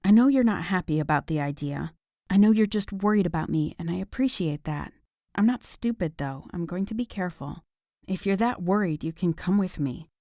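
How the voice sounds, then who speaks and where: A woman voicing an earnest, determined young heroine in an audiobook, in a fairly low voice recorded very dry. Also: animated, brisk, dark tone, dry recording. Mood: firm. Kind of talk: audiobook dialogue.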